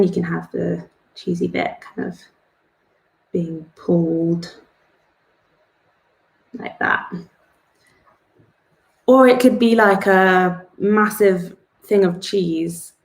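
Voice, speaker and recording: Chatty young woman with a gravelly voice. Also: lowish voice, a little mellow. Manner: rambling and self-deprecating, laughs at herself. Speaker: art club host. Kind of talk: chatty drawing tutorial. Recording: echoey room.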